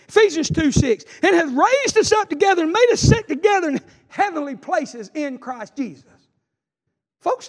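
A man preaching an impassioned sermon to a congregation, swinging between soft asides and fervent, rising exclamations. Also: high voice, vocal fry, long reverb tail. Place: church sanctuary.

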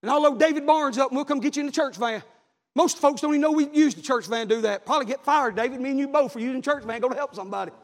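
A middle-aged man, preaching a revival sermon in a church, shouting his stories fervently. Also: very high-pitched, racing, long reverb tail.

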